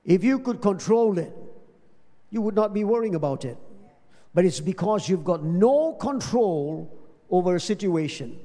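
A man's voice: sits high, lively intonation, unhurried, warm tone. A man preaching a sermon, asking the congregation rhetorical questions. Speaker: pastor. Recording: long hall reverb.

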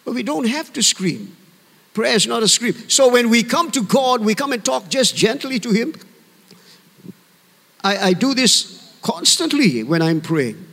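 High-voiced man preaching in a reverberant hall. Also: very animated, a little slow, fairly bright tone. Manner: earnest, conversational preaching with calls for amen. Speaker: pastor. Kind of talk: sermon.

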